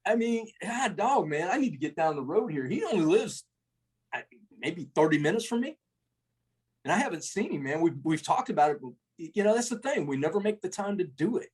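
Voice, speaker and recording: A man's voice: high voice, big pitch swings, a little fast, a little mellow, husky. A middle-aged man, a retired first sergeant, telling rambling, profane army stories as a podcast guest. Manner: rambling, profane, folksy storyteller. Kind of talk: casual storytelling interview.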